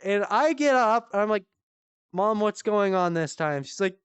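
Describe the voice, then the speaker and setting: A woman hosting a comedy stream, telling a story in casual, animated style, swearing freely and jumping high for quoted voices. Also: normal speed, smooth, no echo. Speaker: comedy show host. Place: virtual-world live stream.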